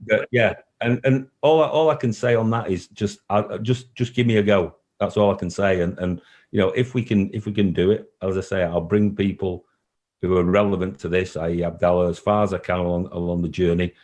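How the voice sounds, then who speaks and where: A man's voice: low-pitched, fairly even intonation, brisk, darkish tone. A man who runs a football club, answering interview questions in an earnest, repetitive way. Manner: earnest, repeats himself, emotional at times. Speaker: football club chief executive. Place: call recording.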